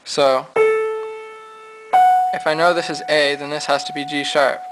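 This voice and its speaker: A man teaching a casual piano lesson, talking in a relaxed, low-energy way as he thinks aloud while losing his voice. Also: unhurried, rough recording. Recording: piano playing behind.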